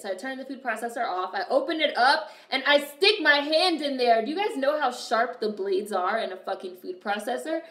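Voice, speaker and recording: A young woman streaming and chatting casually with her viewers, telling animated stories full of swearing. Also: fairly high pitch, fairly quick, hardly any pauses. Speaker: streamer reacting to a movie and reading chat. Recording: echoey room.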